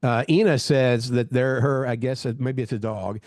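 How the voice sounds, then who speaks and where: A man's voice: medium pitch, fairly even intonation, moderate pace, a little mellow, no room sound. A man co-hosting a morning radio show, chatting casually and rambling into jokes.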